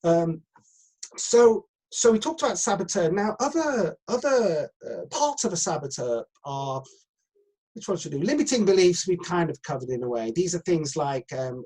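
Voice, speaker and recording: A man's voice: fairly high pitch, animated, normal speed, darkish tone, slightly rough, rough recording. A middle-aged man, an acting coach talking on a video call, rambling with many fillers and restarts. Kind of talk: live video chat coaching session.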